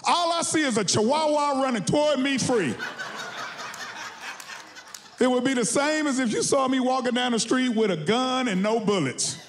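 A man from Texas doing a stand-up comedy set on stage, telling stories with animated shouted punchlines. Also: very high-pitched, moderate pace, a little hiss or hum. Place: studio stage with a live audience.

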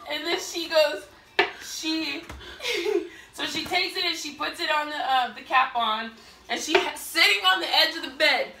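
A young adult woman telling a story from her own life in a casual chat, animated and laughing often, acting out what others said. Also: high voice, unhurried, gravelly, background noise. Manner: animated, laughing, acts out quoted people loudly. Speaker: vlogger. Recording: echoey room, mic at a distance.

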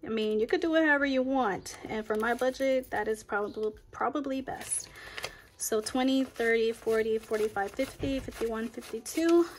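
Young gal counting out cash and chatting, kinda high voice, little bit of hiss. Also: female voice, moderate pace. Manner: counting bills aloud, chatty and upbeat. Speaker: budgeting vlogger. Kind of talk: casual cash-stuffing chat.

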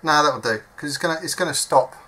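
A man's voice: a little high, quick pace, bright, forceful tone. A man talking through a soldering job at his workbench, chatty and self-mocking as he thinks aloud. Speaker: hobby electronics modder. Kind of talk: casual step-by-step workbench demonstration. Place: at a workbench indoors.

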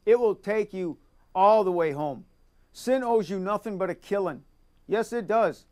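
A man's voice: sits high, unhurried, a little mellow. A man preaching a sermon, reading scripture aloud and repeating key lines for emphasis.

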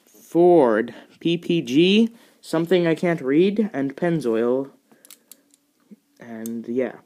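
A man's voice: fairly high pitch, expressive, slow, dark tone. A young man giving a casual, rambling review of a model car, chatty and self-mocking, with plenty of fillers.

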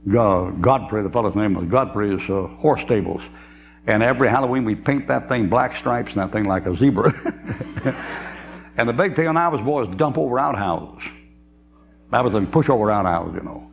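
A man's voice: fairly low pitch, animated, normal speed, gravelly. A man, preaching a folksy sermon, telling stories and laughing often. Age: 70s. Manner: folksy storytelling, laughs often, drawling asides. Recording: dull lo-fi tape with faint hum.

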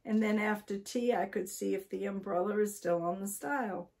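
A woman voicing a flustered, forgetful elderly husband in a storybook reading, talking in a hurried, apologetic way. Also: mid-range voice, creaky, a little mellow, lightly acted.

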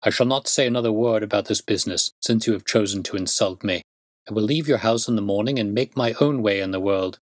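A man's voice: lowish voice, fairly quick, no echo, studio quality, natural voice. A man voicing a proud, bitter young man accused of theft by his father. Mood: defiant. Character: sullen defiant young man, accused son.

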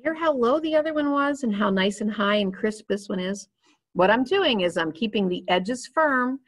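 A woman's voice: on the high side, expressive, moderate pace. A woman giving a clarinet lesson, explaining each step patiently while she demonstrates. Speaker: clarinet teacher.

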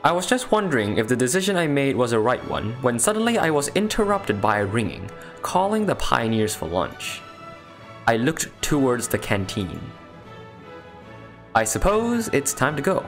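A man reads a visual novel aloud for a playthrough, narrating in a playful mock Russian accent. His voice moves lively up and down, and he breaks off for wry jokes, with faint music behind. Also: mid-range voice, normal speed. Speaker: let's play host.

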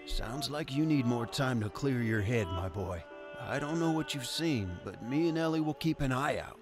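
A man voicing a kindly elderly game character who talks gently in formal, old-fashioned phrases. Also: medium pitch, animated, normal speed, lightly acted. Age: older. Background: game music.

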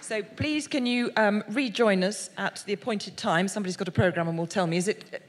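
A woman's voice: medium pitch, a little fast, a crowd in the background, noisy background. A woman hosting a live evening, making slightly flustered announcements to the audience. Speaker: event host. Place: large lecture hall. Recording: hall with long reverb and audience.

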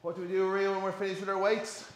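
A man's voice: high voice, completely flat delivery, quick pace. A man hosting a workout, joking and laughing often in casual gym banter. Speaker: host. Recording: echoey gym with background noise.

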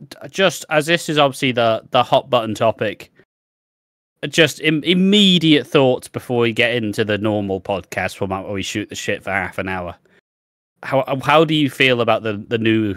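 A man's voice: mid-range voice, a bit bright, smooth, no room sound, clean studio sound. A man co-hosting a podcast in casual, chatty talk, swearing freely. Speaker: podcast co-host.

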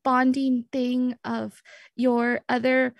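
A woman's voice: fairly high pitch, quick pace, breathy edge, no room sound, highs cut off. A woman voicing a nervous young woman hero who stammers and half-whispers. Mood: flustered.

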